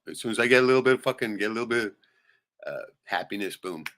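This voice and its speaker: Low-pitched guy ranting on a livestream, swears a lot, keeps saying "right?", forceful tense tone. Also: expressive, quick pace. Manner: profane, rambling, heated venting; peppers speech with "right?". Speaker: livestream host. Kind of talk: casual livestream rant.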